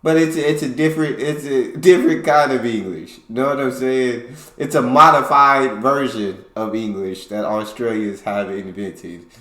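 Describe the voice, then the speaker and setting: A man's voice: medium pitch, fairly even intonation, echoey room. A man hosting a reaction video, talking casually and reacting to clips. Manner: loud hype intro, then quick casual asides.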